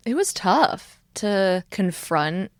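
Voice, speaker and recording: A woman hosting an interview, asking reflective questions in an unhurried way. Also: medium pitch, very animated, no echo, studio quality. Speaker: podcast host. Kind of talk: conversational interview.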